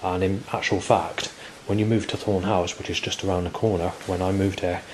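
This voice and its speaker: Brief: man, 40s, very low voice, repetitive outdoor vlog ramble. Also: little pitch movement, fairly quick, slight background noise, rough recording. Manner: rambling, repetitive, with frequent restarts. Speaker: vlogger. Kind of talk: rambling monologue to camera.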